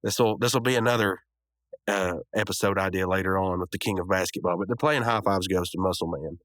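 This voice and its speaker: A man's voice: low voice, brisk, fairly bright tone, no room sound. A man hosting a podcast, casually recapping a cartoon episode with rambling asides and chuckles. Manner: rambling, chuckling, lots of fillers. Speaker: podcast host.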